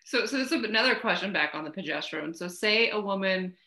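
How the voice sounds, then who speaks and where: A woman's voice: medium pitch, expressive, fast, bright, forceful tone. A woman hosting a podcast, talking conversationally with many "you know"s and "right?"s. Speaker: podcast host. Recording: echoey room.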